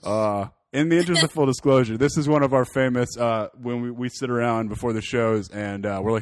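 A man's voice: medium pitch, fairly quick, few pauses, no room sound, clean studio sound. A young Canadian man co-hosting a podcast, rambling through casual chat with swearing and laughter. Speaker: podcast co-host.

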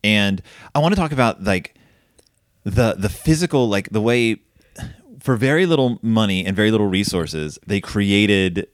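Male podcast host, lively swooping delivery, lowish voice, dry close sound. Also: normal speed, no room sound. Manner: animated storytelling, many fillers. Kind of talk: casual film discussion.

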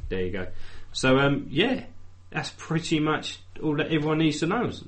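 An English man from Essex trades rambling jokes with his co-host. He laughs easily, and his voice rises and falls a lot. It sounds like a relaxed chat between friends. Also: on the high side, normal speed. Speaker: podcast co-host. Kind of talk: casual banter.

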